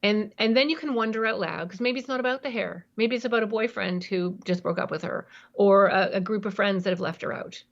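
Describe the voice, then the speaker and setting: A woman's voice: mid-range voice, muffled recording. Emphatic woman parenting expert. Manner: emphatic, explanatory, quick to act out examples. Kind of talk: podcast interview.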